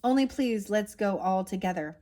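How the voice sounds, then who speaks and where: A woman's voice: mid-range voice, animated, normal speed, mellow, close to an everyday voice. Woman voicing a small timid boy, babyish lisp, storybook reading.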